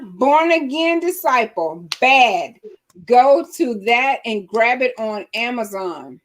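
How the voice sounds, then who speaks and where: A woman hosting a live-stream talk show, chatting casually in a lively, laughing, preacher-like way. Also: on the high side, slow, slight background noise. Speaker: host.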